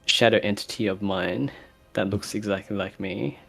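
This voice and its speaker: A man's voice: lowish voice, fairly even intonation, moderate pace, creaky, fairly bright tone, soft background music. A man playing in a tabletop role-playing game, speaking hesitantly with stammered restarts as he declares his character's actions and lines. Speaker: player.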